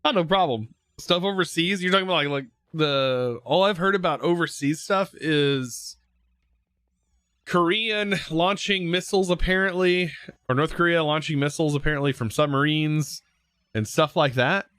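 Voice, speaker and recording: A young man live streaming, chatting casually with viewers in a relaxed, rambling way full of fillers and restarts. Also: a little high, normal speed, smooth, dry recording. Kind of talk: casual chat reading viewer comments.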